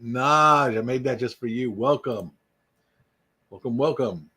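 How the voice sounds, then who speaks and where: A man's voice: medium pitch, unhurried, pushed and bright, husky. A man hosting an unscripted livestream, rambling and joking as he greets viewers by name. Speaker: YouTube livestream host. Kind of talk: casual unscripted live chat.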